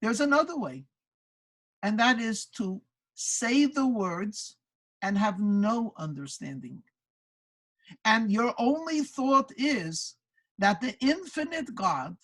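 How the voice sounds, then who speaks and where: Husky-voiced woman telling a pious tale. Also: on the high side, low-quality recording. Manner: earnest, reflective, frequent stammered restarts. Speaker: speaker at a religious gathering. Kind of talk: storytelling and spiritual reflection. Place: synagogue community gathering.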